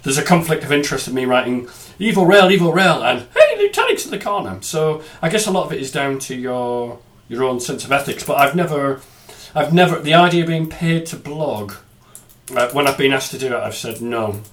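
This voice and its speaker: A man's voice: medium pitch, brisk, fairly bright tone. A man hosting a podcast, chatting casually and cracking self-mocking jokes. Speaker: podcast host.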